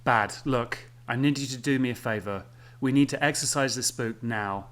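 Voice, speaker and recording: A man voicing a panicked young ghost-buster talking in hurried, low tones. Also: a bit bright, lightly acted. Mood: urgent.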